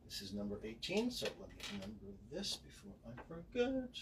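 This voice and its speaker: Man, chatty livestream signer, lively up-and-down delivery, self-mocking asides. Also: on the high side, moderate pace, slight background noise. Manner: chatty and self-deprecating, narrating what he does. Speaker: voice actor signing autographs on a livestream. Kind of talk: casual livestream chat.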